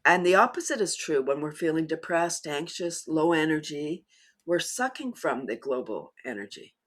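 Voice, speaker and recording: A middle-aged woman who leads laughter yoga, talking as a guest in an animated way and often breaking into demonstration laughs. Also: low-pitched, normal speed. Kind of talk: conversational interview.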